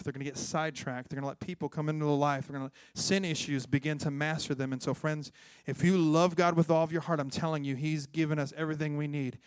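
A man, a pastor preaching a sermon with call-and-response, moving between loud exhortation and hushed tones. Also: fairly high pitch, clean tone, no echo, studio quality. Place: church.

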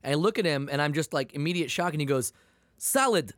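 Racing along with a voice on the high side, this man co-hosts a podcast, swapping stories in casual conversation and cursing freely. The studio-quality audio has no room sound, and his storytelling is animated and profane.

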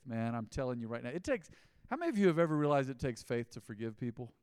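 Animated preaching pastor, resonant voice. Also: male voice, medium pitch, smooth, no echo, studio quality. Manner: animated, conversational preaching with swings from loud to quiet. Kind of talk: sermon.

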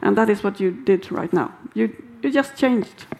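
A woman speaking hesitantly as a panel participant, halting often as she thinks aloud. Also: medium pitch, gravelly, a little mellow. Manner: halting, many fillers and restarts. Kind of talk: hesitant conversational remarks.

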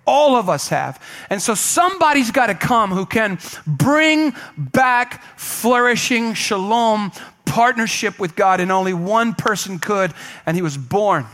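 A pastor preaching a sermon in a church, emphatic and asking the congregation to answer back. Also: male voice, sits high, animated, measured pace, a bit bright. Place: church sanctuary.

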